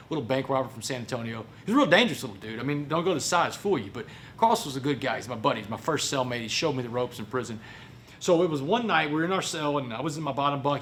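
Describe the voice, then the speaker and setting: A man with a Texan accent giving a motivational storytelling speech. He is animated and folksy, and keeps calling the audience "y'all". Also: mid-range voice, a little hiss or hum. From Port Arthur, Texas. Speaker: motivational speaker.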